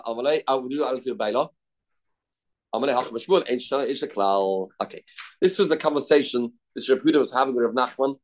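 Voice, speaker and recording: A man giving a daily Talmud class, retelling the rabbis' exchanges with animated back-and-forth and Aramaic terms mixed into his English. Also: medium pitch, poor audio. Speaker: Talmud teacher. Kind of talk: daf yomi lesson, retelling a Talmud story.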